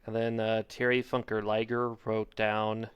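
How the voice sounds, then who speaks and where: A man's voice: fairly low pitch, completely flat delivery, measured pace, smooth, dull audio. A man reading out written promos, offhand and hesitant. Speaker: promo reader.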